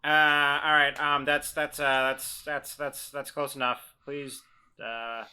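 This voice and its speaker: A man's voice: on the high side, little pitch movement, slow pace, sharp tone, smooth, full character voice. A man voicing a frightened young man who stammers and pleads as spiders close in. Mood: pleading.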